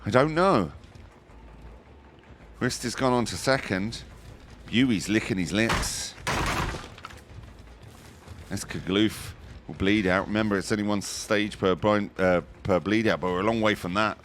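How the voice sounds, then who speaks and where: A man giving live commentary on a competitive online match, chatty and jokey, breaking into excited high exclamations. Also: measured pace, long pauses, slight background noise. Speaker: esports commentator.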